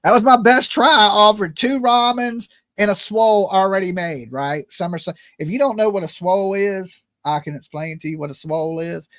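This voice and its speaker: A man's voice: sits high, normal speed, few pauses, fairly bright tone, no echo, clean studio sound. A man hosting a livestream in casual joking chat, loose and rambling, swearing freely as he banters. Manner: loose, rambling and profane, jokey phone-prank banter. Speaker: streamer host.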